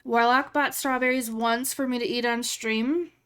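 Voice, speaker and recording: A woman's voice: fairly high pitch, steady tone, normal speed, a bit bright, clean tone. A woman streamer chatting casually with her live chat while she edits photos. She rambles along, fills her talk with "like" and laughs easily.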